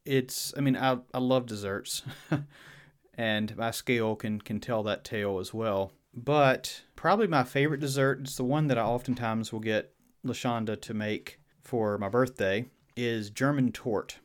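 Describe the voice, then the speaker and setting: A man with a Virginia Southern accent chats casually on a podcast. His voice sits at an ordinary pitch, and he speaks in a thoughtful, unhurried way, circling back and restarting his sentences as he goes. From Virginia, USA.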